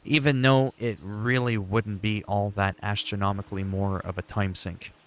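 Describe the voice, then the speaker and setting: A man streaming a game, chatting casually and rambling as he thinks out loud. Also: fairly low pitch, fairly even intonation, moderate pace. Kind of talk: casual gameplay chat.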